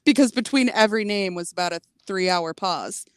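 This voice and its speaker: A woman on a livestream panel jokes and rambles in a crude, easygoing way. Her voice is smooth and clear at a middle pitch. The sound is dry. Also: brisk, no echo. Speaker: panel guest. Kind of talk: casual panel chat.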